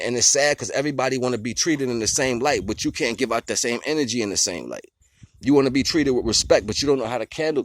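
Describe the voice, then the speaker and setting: A man's voice: mid-range voice, no room sound, studio quality. A man in a casual, rambling monologue who chuckles often and explains his ideas with simple everyday comparisons. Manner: laid-back and rambling, with frequent chuckles and constant "you know what I'm saying". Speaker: vlogger sharing life philosophy.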